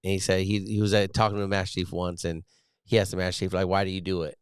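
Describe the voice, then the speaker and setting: A male podcast host chatting casually, retelling an anecdote with animated emphasis and laughter. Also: sits low, fast, clean tone, no room sound, clean studio sound. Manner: animated, recounts stories with bursts of laughter.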